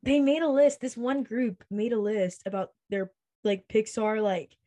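A woman's voice: on the high side, measured pace, mellow. A woman cohosting a podcast, chatting casually in a playful, giggly, self-mocking way. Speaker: podcast co-host. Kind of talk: casual chat.

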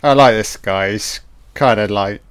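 A man giving a casual, profane audio commentary on a film, reacting excitedly as he watches. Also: fairly low pitch, measured pace, clean tone, no room sound.

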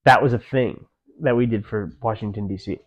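A man's voice: lowish voice, fairly quick, highs cut off. A man in his twenties, a podcast guest, chatting casually and loosely, swearing freely and saying "like" and "dude" a lot. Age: 20s. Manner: laid-back, swears freely, lots of "like" and "dude". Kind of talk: casual chat.

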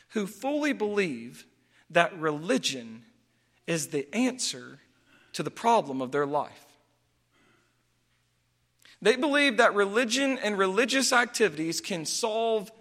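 A man preaching a sermon as pastor, lively and animated, acting out quoted pleas in a raised voice. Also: high voice, takes it slowly, pauses often, long reverb tail.

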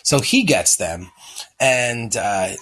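A man in his thirties telling animated parenting stories in casual chat, swearing freely. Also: mid-range voice, slow, slight background noise.

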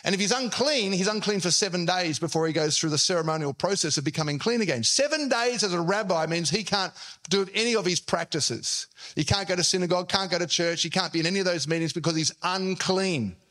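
A man's voice: high-pitched, fairly quick, pushed and bright. A man preaching a sermon as pastor, telling the story and acting out the quotes in shifting voices.

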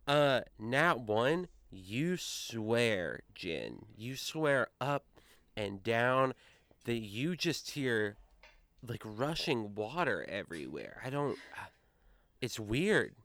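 A man narrates a tabletop game as its game master, taking his time. His voice is smooth and clear, and it is recorded close and dry. He talks in a relaxed, meandering way. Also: medium pitch, drawn-out words, no echo.

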